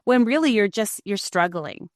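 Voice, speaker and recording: A woman's voice: mid-range voice, expressive, moderate pace, no echo, studio quality. A middle-aged woman, a former news anchor, talking frankly and reflectively as an interview guest, often restarting her sentences. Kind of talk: candid interview conversation.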